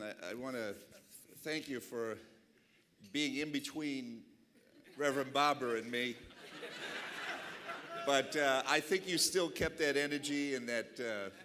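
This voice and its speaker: A man's voice: mid-range voice, unhurried. A middle-aged man with a Boston accent giving a passionate, chatty keynote speech at an awards dinner. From Boston, USA. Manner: passionate, animated, chatty with asides. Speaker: keynote speaker. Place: banquet hall.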